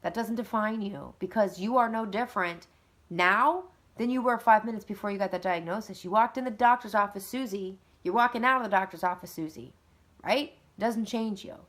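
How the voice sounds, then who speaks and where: Woman in her thirties, mid-pitched, earnest and chatty, mother giving straight advice to camera. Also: normal speed. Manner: earnest, animated, conversational. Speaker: mother of two. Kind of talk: casual advice talk.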